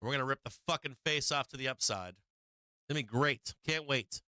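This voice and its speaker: A man's voice: mid-range voice, normal speed, pushed and bright, no echo, low-quality recording. A man hosting a live market stream, swearing freely, laughing often and repeating himself as he walks through charts. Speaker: market livestream host.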